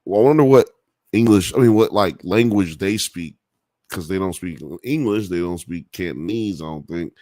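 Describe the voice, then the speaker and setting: A man's voice: low voice, normal speed, warm tone, dry recording, clean studio sound. A man hosting a live podcast, reading chat comments aloud in a rambling, profane way and laughing often. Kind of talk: casual live-stream chat.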